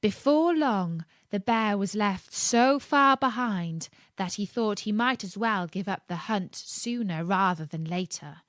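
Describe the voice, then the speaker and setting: A woman reading a storybook aloud, gentle and expressive, then sharing her own thoughts with a listener. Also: medium pitch, measured pace, hardly any pauses, no echo, clean studio sound.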